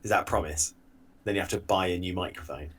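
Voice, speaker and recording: A man's voice: low voice, fast talker, a bit bright. A man co-hosting a casual podcast, teasing his partner and laughing a lot. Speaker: podcast co-host.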